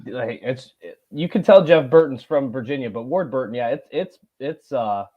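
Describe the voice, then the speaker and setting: A man co-hosting sports talk radio, trading relaxed, agreeable banter with the host. His voice sits at a middling pitch for a man. It comes through a dull, muffled lo-fi line. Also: moderate pace.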